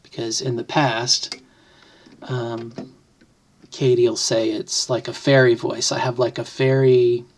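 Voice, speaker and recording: A woman's voice: a bass voice, level tone, slow, a little mellow, a little hiss or hum. Middle-aged trans woman, home vlog, reflective, rambling, wry. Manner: thoughtful, rambling, with many restarts and self-deprecating jokes. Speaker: vlogger. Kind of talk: casual to-camera talk. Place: home, at a computer desk.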